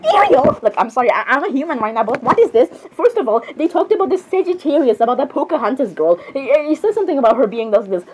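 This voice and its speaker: A woman performing a playful fan role-play skit, voicing several princesses with excitable, dramatic exclamations and flustered restarts. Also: sits high, quick pace, hardly any pauses, background noise.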